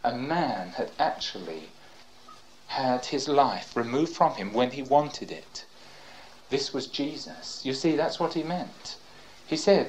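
An older man preaching a sermon and reading scripture aloud. He talks fervently, breaks in with praise, and swings from loud cries to hushed tones. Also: mid-range voice, animated, takes it slowly, slight background noise, low-quality recording.

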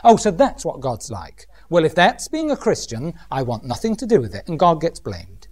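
Lively male preacher. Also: a little high, moderate pace. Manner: lively, humorous, mimics voices. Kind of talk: sermon.

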